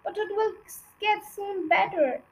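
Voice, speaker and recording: A woman voicing a gentle, fearful mother fox who speaks tenderly and tearfully in a storybook reading. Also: extremely high pitch, a little slow, pitched above the performer's own voice, poor audio.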